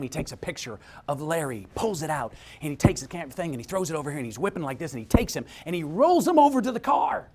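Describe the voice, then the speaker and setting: Middle-aged guy telling a story on stage, voice jumps all over, kinda husky, acts out everybody. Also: on the high side. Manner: animated, acts out quoted voices, swings from hushed to shouting. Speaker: motivational speaker. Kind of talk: energetic storytelling speech.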